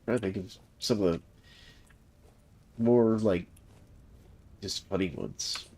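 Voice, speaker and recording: A man's voice: on the low side, takes it slowly, a little mellow. A man in his thirties from the American South, chatting loosely while gaming on a livestream. He rambles with lots of fillers and chuckles. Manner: rambling, laid-back, many fillers and chuckles. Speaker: livestreaming gamer and server host. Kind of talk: casual chat while playing.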